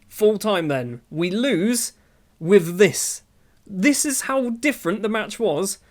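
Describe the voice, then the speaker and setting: High-voiced man ranting over gameplay. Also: lively intonation, slow. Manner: exasperated, sarcastic banter at players. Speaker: gaming YouTuber. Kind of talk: casual gameplay commentary.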